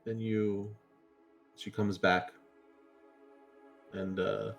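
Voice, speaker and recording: Deep-voiced man narrating as game master. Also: level tone, drawn-out words, gravelly, a bit bright, soft background music. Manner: loose chatty narration with fillers. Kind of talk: narrating a tabletop horror game.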